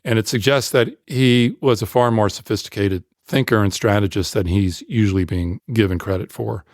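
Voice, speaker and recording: Man, podcast co-host, lowish voice, dry studio sound, measured, analytical. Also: fairly even intonation, no room sound. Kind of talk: conversational discussion.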